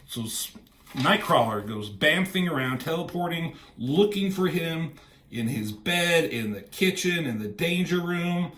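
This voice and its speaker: A man's voice: medium pitch, expressive, a little slow, fairly bright tone, roomy sound. A man casually retelling a comic book story, slipping into quoted lines from the characters.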